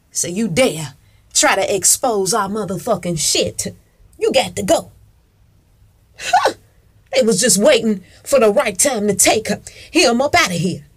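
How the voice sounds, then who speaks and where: A woman's voice: a little high, breathy edge. A woman talking straight to her viewers in a casual rant, emphatic and profane, repeating herself, calling listeners "honey" and answering her own questions. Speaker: video commentator. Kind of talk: casual ranting monologue.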